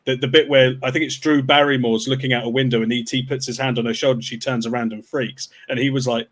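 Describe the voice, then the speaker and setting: A man's voice: medium pitch, steady tone, fast, few pauses, fairly bright tone. A man on a film podcast, casually retelling behind-the-scenes stories. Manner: anecdotal, retelling stories with quoted voices. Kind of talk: casual chat.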